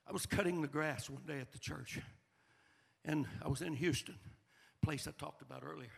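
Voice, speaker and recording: A middle-aged man, preaching a sermon in a folksy storytelling way that rises into shouted fervor. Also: on the high side, moderate pace, vocal fry, husky. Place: church sanctuary. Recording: long reverb of a large hall.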